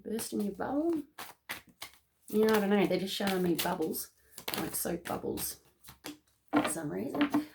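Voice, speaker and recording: A woman giving a casual spiritual card reading to viewers, excitable, laughing often and checking in with "okay?" after each point. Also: medium pitch, unhurried, vocal fry, pauses often, noisy background. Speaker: tarot reader.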